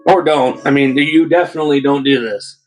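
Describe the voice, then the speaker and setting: A man hosting a casual podcast, reading posts aloud with relaxed, jokey asides. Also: mid-range voice, fairly quick, soft background music, rough recording. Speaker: podcast host.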